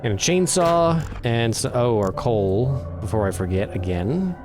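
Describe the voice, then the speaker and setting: A man's voice: mid-range voice, big pitch swings, measured pace, over music. A man hosting a casual let's play, chatting and reading the game's text aloud. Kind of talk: casual gameplay commentary.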